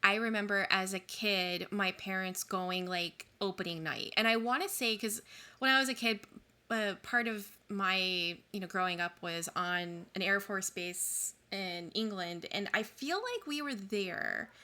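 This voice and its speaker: A woman in her thirties co-hosting a podcast, chatting in a relaxed, reflective way with plenty of fillers. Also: medium pitch, measured pace. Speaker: podcast co-host. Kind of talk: casual chat.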